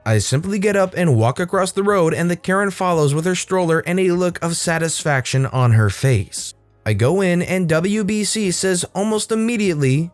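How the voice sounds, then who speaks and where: A man narrating a Reddit story for his channel in a fairly high voice. He reads with animation and changes voice for the people he quotes. The sound is dry and close, with faint music underneath. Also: lively intonation, normal speed, no room sound.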